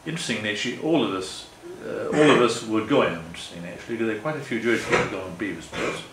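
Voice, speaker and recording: A man's voice: on the low side, fast talker, a bit bright, recorded from a distance, slight background noise. An older man giving a public talk with slides in a meeting hall, speaking earnestly and rambling, often correcting himself. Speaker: guest speaker. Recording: echoey room, faint ambience.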